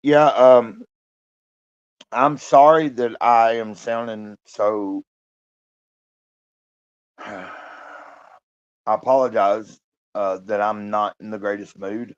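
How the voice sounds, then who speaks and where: A man in his fifties talking alone on a live stream, downcast and halting, sighing and swearing often. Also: lowish voice, fairly even intonation, smooth. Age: 50s. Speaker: livestreamer. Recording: muffled lo-fi stream audio.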